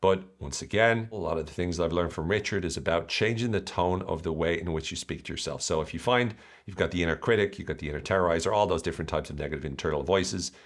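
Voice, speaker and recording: A man hosting a motivational podcast, talking in a playful, animated way and acting out voices. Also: sits low, quick pace, few pauses. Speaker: podcast host.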